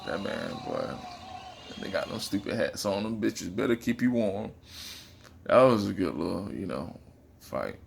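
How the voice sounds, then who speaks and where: Gravelly laid-back man riffing on a fight. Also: deep voice, huge pitch swings, a little slow, a little hiss or hum. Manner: laid-back, profane, laughs often. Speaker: vlogger reacting to a fight. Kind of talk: casual fight-reaction commentary.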